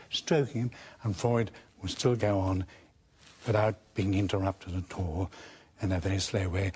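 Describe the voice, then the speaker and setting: A man in a documentary interview, recalling a colleague in an animated way and mimicking voices as he goes. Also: medium pitch, husky.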